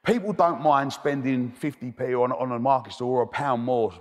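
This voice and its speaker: Guy, cheeky anecdotes, mid-pitched, hall reverb on the voice. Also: normal speed. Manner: cheeky, chatty storyteller with many restarts. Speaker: guest. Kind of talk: telling anecdotes in interview. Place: debating hall.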